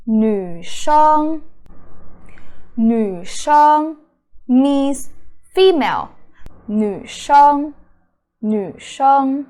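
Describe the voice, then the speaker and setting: Slow, patient woman teaching Mandarin. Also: sits high, animated, darkish tone. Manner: patient, repeats words slowly and explains them. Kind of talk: slow beginner language lesson.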